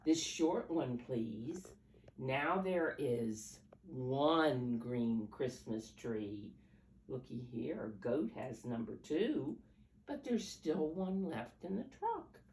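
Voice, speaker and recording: An older woman speaks extremely slowly in a bass voice that's animated and a little mellow. She reads picture books to small children, coaxing them like a teacher, counting along, and quizzing them. Distant miking, roomy echo, and a faint hum color the recording.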